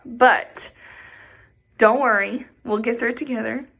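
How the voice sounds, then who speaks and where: A woman's voice: a little high, fairly even intonation, a little slow, creaky, fairly bright tone. A young woman teaching a music lesson to children at home, chatty and cheerful, often saying y'all.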